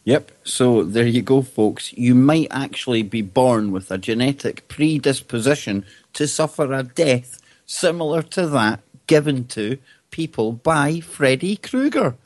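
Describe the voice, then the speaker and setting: A man's voice: medium pitch, expressive, measured pace, darkish tone, no echo. A man hosting a casual podcast, jokey and teasing. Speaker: host.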